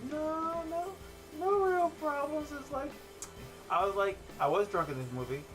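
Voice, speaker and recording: A man's voice: very high-pitched, animated, measured pace, over music. Joking, crude male podcast co-host. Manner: joking, crude, short quips. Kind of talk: casual movie review chat.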